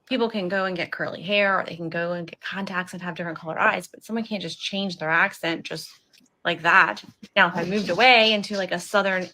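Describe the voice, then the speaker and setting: A woman's voice: on the low side, steady tone, fairly quick, bright, forceful tone. A woman vlogger talking casually to her viewers, rambling and chatty as she asks them questions. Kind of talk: casual talk to camera.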